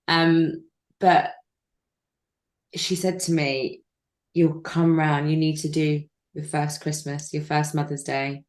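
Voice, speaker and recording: A low-pitched woman's voice comes through from an echoey room as she talks over a video call in an interview. She tells her story of personal loss openly and with emotion.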